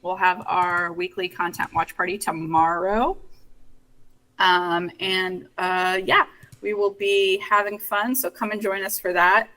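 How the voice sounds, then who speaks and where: A woman's voice: on the low side, flat delivery, measured pace, bright, forceful tone, low-quality recording. A woman co-hosting a casual fan live stream, joking around and swearing freely. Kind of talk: casual chat.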